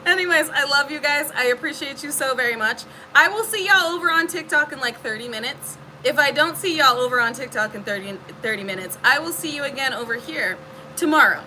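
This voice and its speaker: A woman's voice: high-pitched, fairly quick, pushed and bright, slight background noise, low-quality recording. A woman giving a casual spiritual reading to her viewers, emphatic and preachy, swearing freely. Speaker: spiritual reader.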